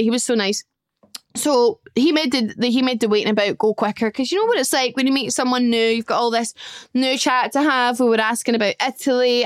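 A young woman host talks straight into a close, dry mic. Her voice sits a little high and comes across smooth and clear. She gushes through a casual story and swears freely. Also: dry recording. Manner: chatty, gushing, swears casually. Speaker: podcast host.

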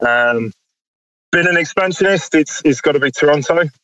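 A man's voice: fairly high pitch, normal speed, fairly bright tone, muffled recording, slight background noise. A man from the south of England, calling in by phone from his parked car and chatting loosely with laughs and fillers. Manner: laughing, rambling, many fillers. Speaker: caller. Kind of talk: casual phone chat. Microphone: phone on speakerphone.

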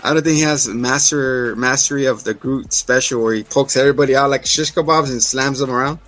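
A man hosting a casual podcast recap, laughing often and acting out scenes in quick voices. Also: mid-range voice, fairly bright tone, soft background music. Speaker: podcast host.

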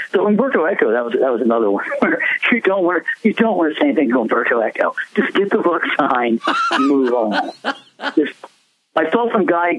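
A man's voice: medium pitch, dry recording. A man, a musician guest, telling rambling stories in a casual interview, laughing often. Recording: tinny phone line, dry.

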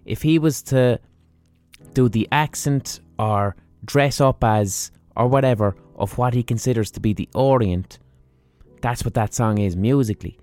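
A man's voice: medium pitch, a little slow, darkish tone, dry recording, soft background music. A man hosting a podcast, delivering a blunt, profane, ranting monologue. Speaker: podcast host.

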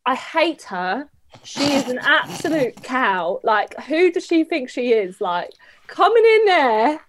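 Lively, high-voiced woman gossiping. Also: slow, slight background noise. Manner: animated, gossipy, slips into mimicking voices. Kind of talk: casual chat.

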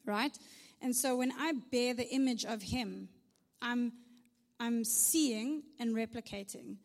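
With slow delivery and vocal fry, a South African woman gives a chatty sermon in a large church hall, her somewhat high voice trailing a long reverb. She addresses the room conversationally, sprinkling in "right?" and lighthearted asides.

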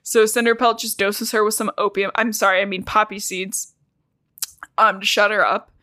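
A woman hosting a casual book-recap podcast, swearing freely and retelling scenes with animated, giggly energy. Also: medium pitch, normal speed, dry recording, clean studio sound. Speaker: podcast host.

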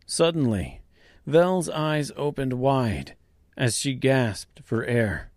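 A man narrating a dark fantasy audiobook serial, reading slowly and deliberately. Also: mid-range voice, lively intonation, no echo. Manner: slow, deliberate reading with quiet voiced dialogue.

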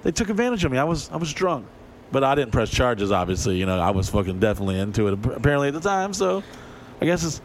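Male podcast co-host, average pitch, meandering and crude, light hiss on the track. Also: sing-song, fast. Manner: rambling, profane, lots of fillers and dry asides. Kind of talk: casual chat.

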